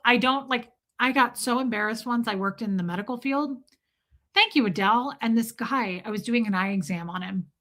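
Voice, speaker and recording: Livestream host, woman, higher bright voice, candid and self-deprecating, fields chat questions. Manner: candid, chatty, self-deprecating, thanks viewers by name. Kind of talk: casual livestream Q&A, reading and answering chat.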